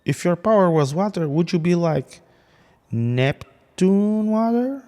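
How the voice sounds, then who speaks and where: A man voicing a cheeky young male superhero, teasing in a high, drawn-out voice. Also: lively intonation, a little mellow, big-room sound.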